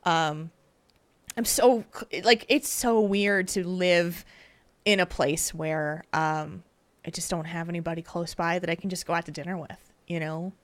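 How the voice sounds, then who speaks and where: A woman hosting a podcast in casual, chatty talk, animated and rambling with fillers. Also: lowish voice, unhurried, dry recording. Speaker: podcast host.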